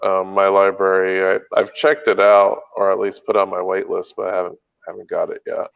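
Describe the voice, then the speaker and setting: Deep, level and a little fast, his clean voice carries vocal fry on a lo-fi recording. He's a podcast co-host in casual conversation, rambling hesitantly and filling gaps with ums and ahs.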